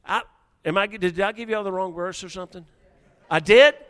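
A man preaching a sermon, halting and repeating words, growing excited as he reads scripture. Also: high voice, clear, resonant tone. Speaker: pastor. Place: church sanctuary. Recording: long hall reverb.

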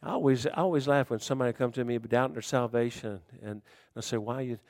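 Preacher with a dry, close sound. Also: male voice, medium pitch, fast talker, no echo. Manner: swings from shouting to hushed storytelling; folksy Southern dialect. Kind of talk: sermon.

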